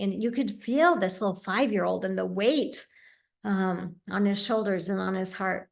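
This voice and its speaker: An earnest woman shares a personal story in a heartfelt talk, her voice carrying a gravelly, creaky edge. She speaks sincerely and pauses now and then on small fillers. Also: medium pitch, steady tone, a little mellow. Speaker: medium and speaker.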